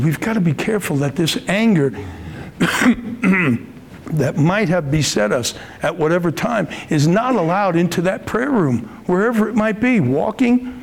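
A man preaching in a relaxed, conversational sermon, his voice slightly high with a gravelly edge. He talks earnestly, lifting his pitch to stress points and acting out his own prayers aloud. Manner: earnest, rises in pitch for emphasis, acts out prayers.

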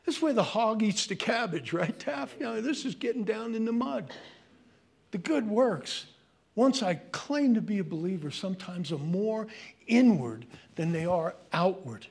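An older man with a New York accent, preaching a sermon in an animated, joking way that turns into rants. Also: sits high, normal speed, gravelly, husky. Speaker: pastor.

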